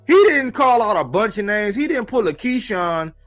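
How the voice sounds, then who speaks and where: A man's voice: high-pitched, very animated, normal speed, a bit bright, soft background music. A man hosting a boxing livestream, talking in a casual, profane way full of street slang. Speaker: boxing podcast host.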